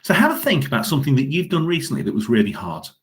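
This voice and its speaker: A man's voice: mid-range voice, big pitch swings, rapid-fire. A man leading a school assembly, speaking directly to children in an encouraging, upbeat way.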